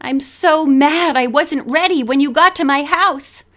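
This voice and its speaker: A woman reading an audiobook, voicing an excitable teenage girl who gushes breathlessly. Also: high-pitched, a little slow. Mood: excited. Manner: breathless, gushing. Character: excitable teen girl, boy-crazy fashion fan.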